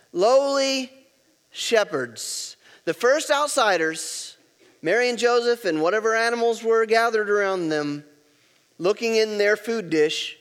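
A man's voice: high voice, fairly bright tone, big-room sound. A pastor preaching a sermon, emphatic and repeating key words, leading his congregation to say lines back.

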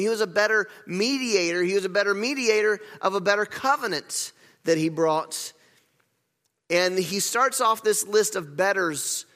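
A man's voice: fairly high pitch, fairly bright tone. A pastor delivers his sermon in a slightly raised voice, earnest and prone to stumbling restarts. His words ring through a church hall with a long, lingering reverb.

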